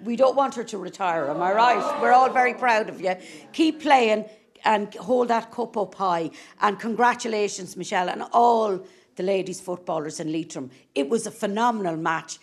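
A woman's voice: mid-range voice, moderate pace. An Irish woman presenting live radio on location, bubbly and teasing with her guest.

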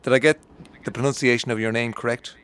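A man's voice: mid-range voice, fairly even intonation, fast, fairly bright tone, clear, resonant tone. An Irish man hosting a radio talk show, chatty and jovial, often laughing as he talks. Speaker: radio host. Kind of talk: casual radio chat. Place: radio studio.

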